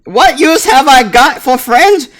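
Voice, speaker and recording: A man voicing a young dwarf girl in a squeaky falsetto, sweet and eager. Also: lively intonation, slow pace, fairly bright tone, heavily acted. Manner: squeaky falsetto, breaking into laughter.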